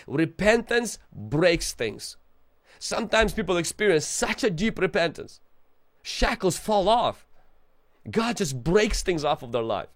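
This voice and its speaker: A man preaching a sermon with passion, swinging between fervent outbursts and quieter urging, mixing casual slang into his preaching. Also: high-pitched, very animated, measured pace. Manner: impassioned, rising and falling intensity, calls to the audience.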